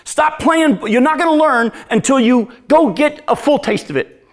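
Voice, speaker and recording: A man preaching with a notably high-pitched voice. He tells lively stories, chuckles at his own jokes, and answers audience questions in a conversational way. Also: normal speed. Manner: animated, storytelling, laughs at own jokes. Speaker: pastor.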